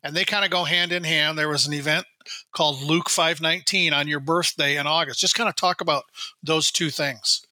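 A man's voice: fairly high pitch, steady tone, fairly quick, sharp tone, dry recording. A man hosting an interview, asking questions in a friendly, encouraging, loose way. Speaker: interview host. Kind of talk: conversational interviewing.

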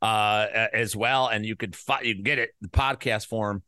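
A man's voice: on the low side, fairly even intonation, normal speed, sharp tone, smooth, dry recording, studio quality. A male podcast host talking in a rambling, joking way, full of crude asides and restarts, his voice a little worn from being sick. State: recovering from covid, voice slightly worn. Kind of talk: casual podcast chat.

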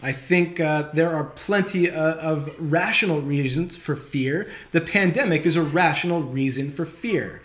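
A pastor delivers a sermon in a conversational, wry manner, reading scripture with emphasis. His voice is on the high side and fairly bright, unhurried yet with hardly any pauses, and the recording sounds roomy and echoey.

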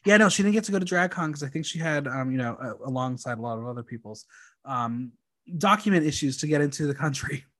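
A man's voice: fairly high pitch, lively intonation, fast, fairly bright tone. Chatty campy man recapping a show. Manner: chatty and campy, with frequent ums. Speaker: podcast host recapping a reality show. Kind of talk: casual chat.

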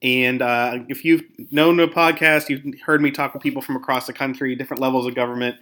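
A man's voice: mid-range voice, steady tone, fairly quick, pushed and bright. A man hosting a podcast, chatting casually with fillers and a rambling manner. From Pennsylvania. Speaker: podcast host. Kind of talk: casual interview chat.

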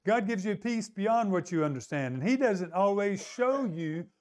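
A man's voice: sits high, expressive, normal speed, a little mellow. A male pastor preaching a sermon in a conversational way, often asking the congregation to agree.

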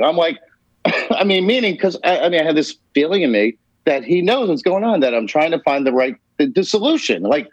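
A man's voice: a little high, sing-song, brisk, no room sound. A man telling a rambling, emphatic personal story on a podcast, swearing freely. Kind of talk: casual storytelling. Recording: dull, lo-fi podcast audio.

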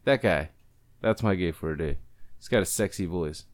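A man's voice: low-pitched, normal speed, no room sound. A man co-hosting a podcast in crude, rambling casual chat, often breaking into laughter. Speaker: podcast co-host.

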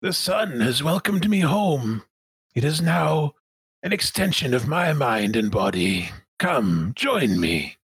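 A man puts on a creepy cult minister who has fused with a sun, speaking slowly in a raised, husky voice with a drawn-out and seductive menace. The tabletop game voice is dry and close. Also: fairly high pitch, very animated, no room sound, voice pushed up, exaggerated voice. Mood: menacing.

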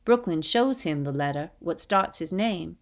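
A woman's voice: fairly low pitch, lively intonation, a little slow. A woman narrating a first-person story in an audiobook, reading steadily with folksy dialect phrasing.

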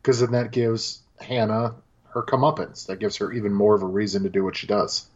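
A man co-hosting a casual film podcast, talking with animated energy, swearing freely and acting out lines from scenes. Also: fairly low pitch, brisk, dull audio. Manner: animated, swears, acts out quotes. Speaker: podcast co-host.

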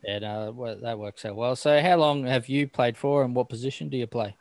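A man hosting a casual podcast interview, laid-back and quick to laugh. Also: medium pitch. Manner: laid-back, laughs easily, says mate. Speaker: podcast host.

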